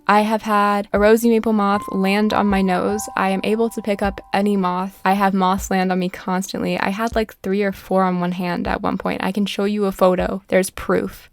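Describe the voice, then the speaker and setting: A woman casually commentating her gameplay, rambling from tangent to tangent with deadpan jokes, sarcastic asides and a slightly breathless voice. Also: mid-range voice. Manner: quick sarcastic asides to game characters. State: a little out of breath. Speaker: gaming YouTuber.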